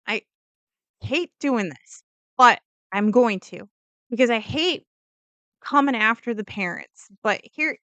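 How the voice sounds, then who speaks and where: A woman with a somewhat high, slightly bright, smooth voice, recorded with no room sound, casually tells a true crime story as a vlogger. She rambles, says "like" constantly, and interrupts herself with opinionated asides and disclaimers.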